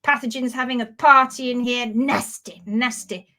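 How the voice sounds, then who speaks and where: Woman teaching hoof stuff live, playful, animated, kinda high voice. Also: normal speed. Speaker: hoof care educator.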